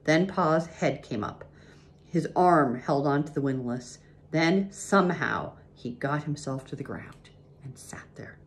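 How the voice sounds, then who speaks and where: Low-voiced woman reading a children's book. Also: lively intonation, measured pace. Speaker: reader.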